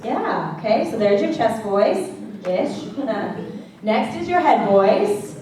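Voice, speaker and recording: Her voice is a little high and a little mellow, very animated yet slow. She's a woman vocal coach teaching a worship singing class, playful and chatty, singing brief vocal exercises to illustrate each point. It's recorded on a handheld mic from far off in an echoey classroom or church hall, with faint background noise.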